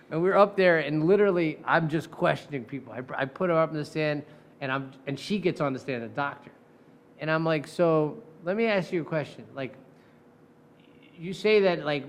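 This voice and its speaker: A man, a defense attorney, telling courtroom stories in a casual, animated way, acting out the voices of the people he quotes and swearing freely. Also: on the high side. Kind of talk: casual storytelling.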